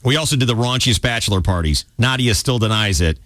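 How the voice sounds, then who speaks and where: A man's voice: medium pitch, expressive, quick pace, a bit bright, no room sound. Man, radio host, gossip reading, mocking, very dry mic. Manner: mocking, puts on voices for quotes. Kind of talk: casual radio banter, reading gossip stories. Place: radio studio.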